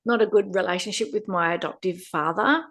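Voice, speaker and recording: A woman, a podcast guest telling her own story in a lively way with frequent laughter. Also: mid-range voice, fairly quick. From Australia. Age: 50s. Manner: animated, laughs often while telling a story. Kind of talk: personal storytelling interview.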